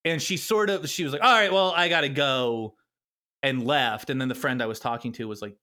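A man's voice: medium pitch, fairly quick, sharp tone, clear, resonant tone. A man in his thirties, a podcast guest, telling a rambling, self-deprecating story with frequent laughter in casual chat.

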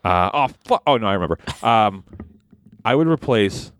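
Lively low-voiced man, casual chat. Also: normal speed, no echo. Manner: animated, swearing, laughing, doing loud impressions. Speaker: podcast co-host.

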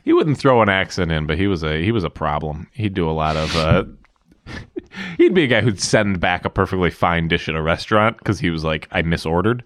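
A man's voice: low-pitched, brisk, no room sound, studio quality. A young man co-hosting a podcast, telling stories in casual chat and often laughing. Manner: animated storytelling with bursts of laughter. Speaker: podcast co-host.

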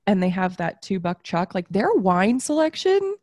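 A woman's voice: mid-range voice, very animated, moderate pace, a little mellow, no echo, clean studio sound. Chatty young woman podcast host. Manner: chatty, rambling with fillers. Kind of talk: casual chat.

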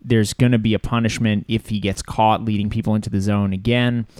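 A man's voice: lowish voice, little pitch movement, fairly quick, darkish tone, clear, resonant tone, dry recording, clean studio sound. A man co-hosting a casual podcast about a film, joking and laughing often. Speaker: podcast co-host.

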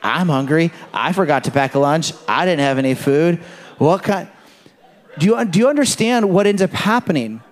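A man preaching a sermon in a conversational, animated way, full of rhetorical questions and illustrations from his home life. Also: on the high side, moderate pace. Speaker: pastor.

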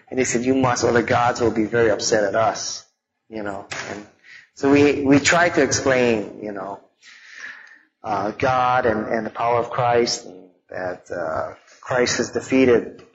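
A man teaching a live audience in a relaxed, conversational way, mixing in stories from growing up and frequent fillers. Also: mid-range voice, muffled recording. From Hawaii.

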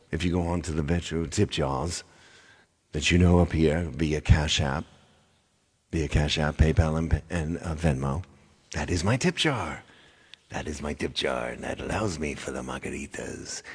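Male livestream host, deep and husky voice, chatty and repetitive, echoey room sound. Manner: chatty, rambling, repeats himself. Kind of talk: casual chat with viewers.

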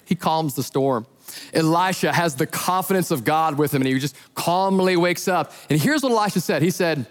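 A male pastor preaches in a light, high-pitched voice, telling stories with lively acted-out voices. His words ring with the long reverb of a large church hall. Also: normal speed. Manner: animated storyteller who acts out voices in his retellings. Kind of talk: sermon.

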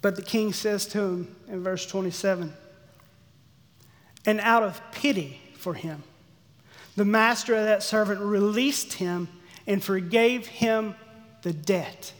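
A man giving a sermon, acting out the characters' pleas with lively energy. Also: sits high, slow pace, long pauses. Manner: animated, acts out the servant's pleas. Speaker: pastor. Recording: long hall reverb.

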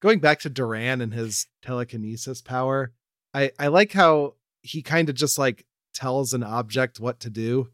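Man, mid-pitched voice, casual podcast banter, laughs a lot, swears, dry sound. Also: normal speed, a bit bright, dry recording. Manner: laughing often, loose and profane. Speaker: podcast co-host. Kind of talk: casual chat recapping a TV episode.

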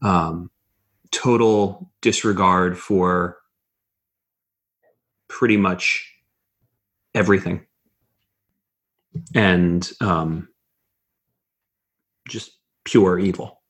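A man running a tabletop horror game as game master, narrating in a measured way with frequent fillers. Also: low voice, fairly even intonation, fairly bright tone.

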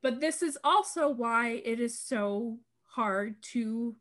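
A woman co-hosting a casual podcast, her voice sitting a little high. She talks with animated energy and laughs often, and her words rush out when she is worked up. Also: slow. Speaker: podcast co-host. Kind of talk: casual chat.

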